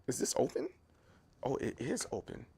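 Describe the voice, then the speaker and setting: A man's voice: medium pitch, huge pitch swings, moderate pace, creaky, warm tone, husky. A man hosting a casual livestream from his home kitchen. He rambles in a chatty way and talks straight to his viewers while walking with a handheld camera. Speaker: livestream host.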